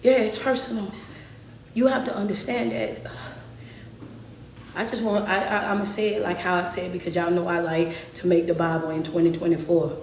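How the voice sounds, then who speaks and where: A woman giving a motivational sermon, emphatic and repetitive, now and then rising to shouts. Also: lowish voice, fairly even intonation, normal speed, a little hiss or hum. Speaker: motivational speaker. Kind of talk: motivational preaching. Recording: roomy, distant mic, faint ambience.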